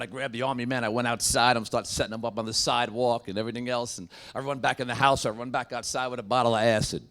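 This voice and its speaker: A man's voice: medium pitch, gravelly, fairly bright tone. A middle-aged man doing a stand-up comedy set in a comedy club, working the crowd with brash, joking banter.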